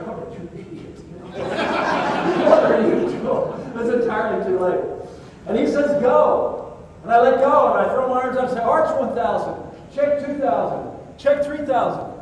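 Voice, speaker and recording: A man's voice: sits high, darkish tone, a little hiss or hum. Older man telling stories in an echoey hall. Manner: vivid storyteller, acts out dialogue. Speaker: keynote speaker. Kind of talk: storytelling keynote. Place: conference hall. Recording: echoey hall, distant mic.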